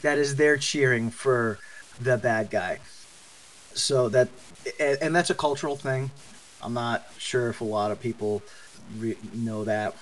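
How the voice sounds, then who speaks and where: Laid back podcast dude explaining stuff, mid pitch, lots of restarts. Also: male voice, slight background noise, rough recording. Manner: relaxed, explains at length, halting restarts. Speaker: podcast co-host. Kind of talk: casual chat.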